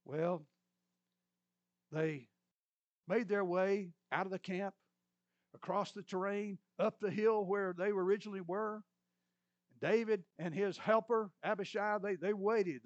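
A man with a high-pitched voice preaches, retelling a scripture story in a lively way and dropping in joking asides. The sound is dry, with no room echo, and a little dull and muffled. He paints each scene for his listeners. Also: measured pace. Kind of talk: sermon retelling a Bible story.

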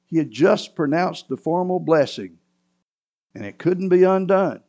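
A man's voice: a little high, animated, a little slow, darkish tone, highs cut off. Man preaching with dramatic storytelling. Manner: dramatic storytelling with sudden raised cries. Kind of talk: sermon retelling a scripture story.

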